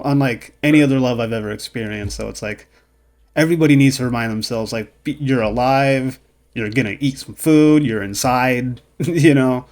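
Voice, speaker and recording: A man's voice: medium pitch, vocal fry, a little mellow. A man hosting a podcast, chatting casually and supportively, often adding "man". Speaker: podcast host. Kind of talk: casual interview chat.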